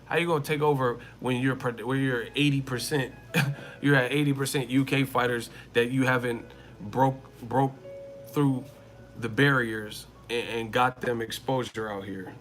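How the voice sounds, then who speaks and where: With soft music playing behind him, a man hosts a live boxing commentary stream in a medium-pitched, fairly bright voice that stays fairly even and a little slow. He is casual, slangy and emphatic, repeating his points again and again.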